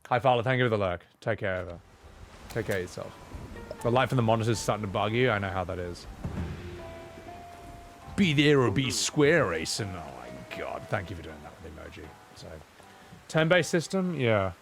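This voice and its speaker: A man streaming a game and chatting casually with his viewers. His delivery is lively and full of swings in pitch as he rants and pokes fun at himself. Faint game music plays under his voice. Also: brisk. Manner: animated, joking, self-deprecating rants.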